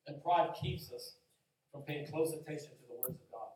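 A man's voice: a little high, moderate pace, mellow. A man preaching a sermon in a conversational way, repeating phrases and acting out people's reactions. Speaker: pastor. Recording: echoey hall, distant mic.

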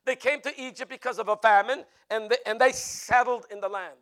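High-voiced preacher giving a lively sermon. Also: male voice, fairly quick. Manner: animated, jokey asides, acts out quotes.

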